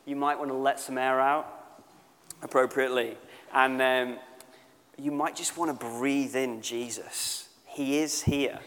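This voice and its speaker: A man giving a sermon at a church service, talking in an earnest, conversational way and slowing down to stress key points. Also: mid-range voice, fairly bright tone, big-room sound. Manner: conversational and earnest, slows down for emphasis. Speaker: church speaker. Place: church service with a live band.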